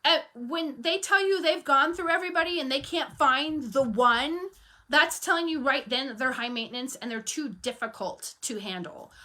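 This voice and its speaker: A woman with a high voice and moderate pace speaks casually to camera, coaching on running a cleaning business. Her storytelling is animated and full of acted-out dialogue, delivered frankly and firmly.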